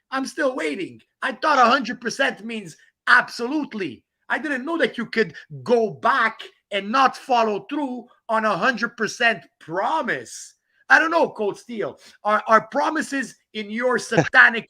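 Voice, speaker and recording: Guy ranting on his livestream, swearing and cackling, kind of crackly and sharp. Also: very high voice, creaky. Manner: mocking, profane, laughing at a rival. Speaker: livestream host. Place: outdoors on a walk in the rain.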